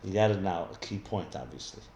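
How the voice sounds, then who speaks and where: A man's voice: low voice, lively intonation, moderate pace, dark tone, slight background noise. A man teaching as a rabbi in a live text study class, explaining as he goes and often restarting his sentences. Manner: thinks aloud with many restarts, explanatory. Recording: echoey room with faint ambience.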